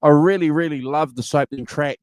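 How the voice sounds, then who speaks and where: A man's voice: on the high side, fairly quick, a little mellow, clean tone, no room sound. A man co-hosting a casual music review podcast, rambling and enthusiastic with lots of fillers. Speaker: podcast co-host. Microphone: video call.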